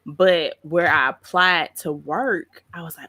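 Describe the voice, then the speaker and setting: A woman, a pastry chef, telling stories in a casual interview, animated and slangy, laughing often. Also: deep voice, slow pace, noisy background.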